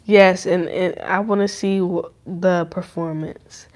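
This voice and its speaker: A woman's voice: on the low side, fairly even intonation, slow, a little mellow. A young woman hosts her own podcast in a loose, rambling chat. She swears freely and talks in heavy slang, hopping from one thought to the next. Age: young adult. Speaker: podcast host. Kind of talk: casual chat.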